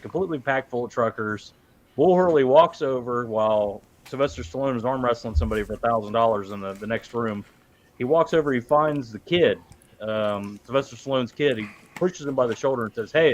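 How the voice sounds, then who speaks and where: A man's voice: medium pitch, fairly quick, low-quality recording. A man co-hosting a casual livestream movie chat, telling scenes with laughter and acted-out lines. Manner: animated, laughing storyteller. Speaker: podcast co-host.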